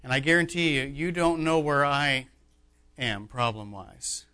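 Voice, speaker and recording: A man preaching a sermon as pastor, emphatic, swinging between loud declarations and hushed asides. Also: fairly high pitch, fairly even intonation, moderate pace, smooth.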